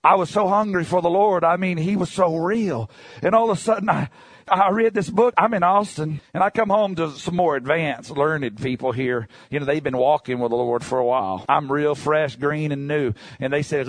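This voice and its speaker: Preacher, male, high-pitched, dry close sound, lively storyteller who shouts at peaks. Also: normal speed, no echo. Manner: animated storyteller, bursts into shouts. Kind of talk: sermon with personal testimony.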